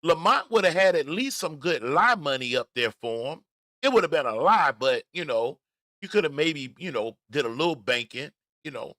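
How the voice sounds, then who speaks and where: A man hosting a casual commentary livestream, talking in an animated, emphatic way with frequent stammers and restarts. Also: on the high side, normal speed, no echo, studio quality. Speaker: host.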